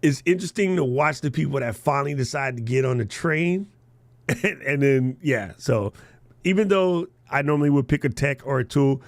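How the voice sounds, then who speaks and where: A man hosting a live podcast workshop, animated and joking, laughing as he explains. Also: medium pitch, normal speed, gravelly, dry recording. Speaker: podcast coaching host.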